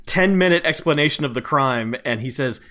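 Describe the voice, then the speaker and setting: A man in a casual movie review chat, telling his reactions in a lively, laughing way. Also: on the high side, brisk.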